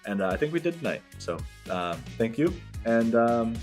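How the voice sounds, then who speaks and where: A man's voice: medium pitch, big pitch swings, normal speed, darkish tone, soft background music. Joking young man on a casual podcast. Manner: rambling, joking, mock-grandiose bits. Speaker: podcast co-host. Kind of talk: casual comedy podcast chat.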